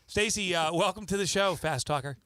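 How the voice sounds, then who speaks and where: A man's voice: high-pitched, fairly quick, pushed and bright, dry recording. A man with a New Jersey accent hosting a podcast in a loose, chatty, joking way. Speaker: podcast host.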